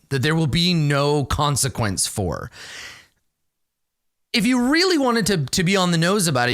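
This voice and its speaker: Animated man explaining game mastering. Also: a little high. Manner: animated, ends points with "right?". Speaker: game master advice host. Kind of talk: casual explanatory talk.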